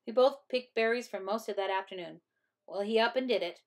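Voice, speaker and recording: Woman teacher, storytime read-aloud, expressive, slightly gravelly. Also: a little high, a little fast. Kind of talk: reading a picture book aloud to children.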